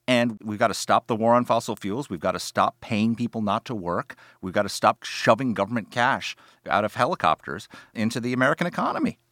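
A man's voice: lowish voice, lively intonation, a little fast, a bit bright, no room sound, clean studio sound. A man co-hosting a political podcast, arguing his points emphatically with sarcasm. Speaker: podcast co-host.

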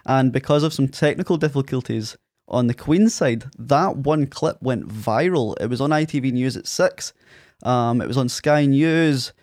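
A man's voice: mid-range voice, no room sound, clean studio sound. A man in his thirties with an Ayrshire Scottish accent, a guest telling stories in a casual interview and acting out quotes in a raised voice. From Scotland. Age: 30s. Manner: animated storyteller, acts out quotes in a raised voice.

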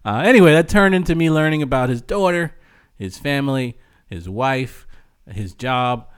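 A man co-hosting a casual chat podcast, an animated storyteller who uses slang and laughs often. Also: mid-range voice, normal speed, clean tone. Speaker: podcast co-host.

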